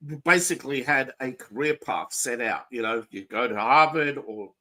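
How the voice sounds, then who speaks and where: A man's voice: mid-range voice, moderate pace, pushed and bright, rough recording. A man hosting a casual political talk show, rambling and opinionated, with frequent restarts. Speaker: podcast host.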